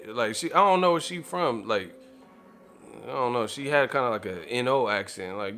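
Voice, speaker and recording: A man hosting a boxing channel and telling a story in casual, profane, animated talk with frequent laughter. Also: on the low side, a little fast.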